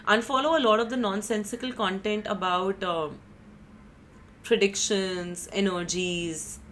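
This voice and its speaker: Brief: woman tarot reader, slightly low voice, loose and chatty, lots of "you know" and "like". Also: slight background noise. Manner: chatty, rambling, self-teasing, frequent "you know" and "like". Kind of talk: casual tarot reading monologue.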